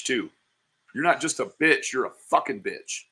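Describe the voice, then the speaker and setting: Bright-voiced man heckling with profanity. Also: mid-range voice, lively intonation, measured pace. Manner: heckling, insulting, mocking. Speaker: livestream commentator. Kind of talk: profane reaction commentary.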